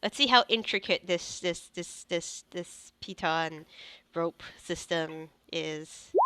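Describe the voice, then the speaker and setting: A woman running a tabletop game as game master, narrating casually and excitedly, often laughing. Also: on the low side, slow, clean tone.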